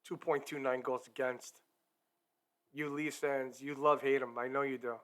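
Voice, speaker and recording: A man's voice: medium pitch, flat delivery, moderate pace, a bit bright. A man hosting a hockey talk live stream, chatty and upbeat, talking straight to his viewers. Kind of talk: casual live-stream chat.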